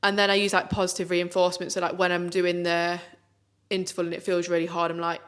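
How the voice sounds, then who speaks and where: Chatty young woman, lowish voice. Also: completely flat delivery, fast. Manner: chatty and upbeat, many "like" fillers. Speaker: podcast co-host. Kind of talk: casual podcast chat.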